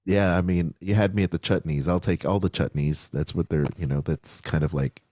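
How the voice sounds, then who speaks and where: A man's voice: low-pitched, fairly even intonation, brisk, darkish tone, no room sound. A man co-hosting a podcast in casual chat, playful and jokey, laughing often. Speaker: podcast co-host.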